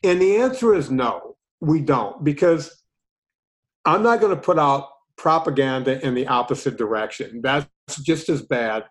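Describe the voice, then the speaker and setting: A man hosting a podcast, telling a long story in a casual, animated way and retelling his conversations with others. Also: mid-range voice, a little slow, low-quality recording. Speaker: podcast host.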